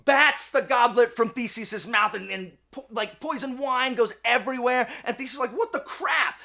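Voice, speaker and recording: A man's voice: very high-pitched, normal speed, bright, forceful tone. A man retelling a myth in a chatty, jokey way, with lots of fillers. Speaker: host and storyteller.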